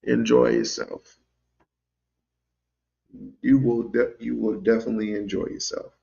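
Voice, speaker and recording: A man's voice: medium pitch, fairly even intonation, a little slow, creaky, darkish tone, dull audio. A man co-hosting a livestream call-in, lecturing emphatically. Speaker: livestream co-host. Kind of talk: call-in commentary.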